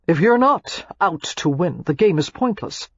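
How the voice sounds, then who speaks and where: A woman's voice: on the low side, animated, a little slow, no echo, highs cut off. A woman doing a superior, ruthless businessman. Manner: superior, brusque. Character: ruthless, arrogant young businessman.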